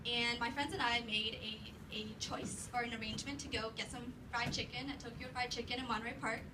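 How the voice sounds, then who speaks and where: A woman's voice: a little high, steady tone, a little fast. A young woman performing a stand-up comedy set in a club, telling a rambling, profane story full of "like". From Los Angeles area. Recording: distant mic, noisy club.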